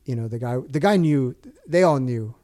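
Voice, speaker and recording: Guy in his 30s rambling thru a story, mellow darkish voice, lots of uh and like. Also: medium pitch, animated, normal speed. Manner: rambling with many fillers and restarts. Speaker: guest. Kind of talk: casual storytelling.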